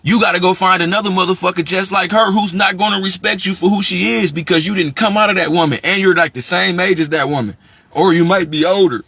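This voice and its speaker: Brief: man, high husky voice, bright and edgy, heated profane rant with rapid rhetorical questions. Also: no echo.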